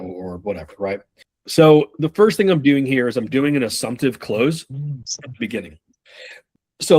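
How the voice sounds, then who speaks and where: A man giving a casual sales training talk, swearing freely and acting out pitches and customer replies. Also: no echo. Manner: loose, profane, acts out sales calls in quick role-play.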